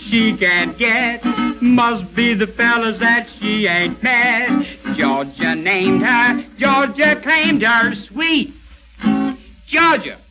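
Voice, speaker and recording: A man's voice: very high voice, very slow, full character voice, low-quality recording. An actor playing a young boy singer who croons with a guitar in a 1940s radio drama. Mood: crooning. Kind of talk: 1940s radio acting and singing. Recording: loud guitar behind.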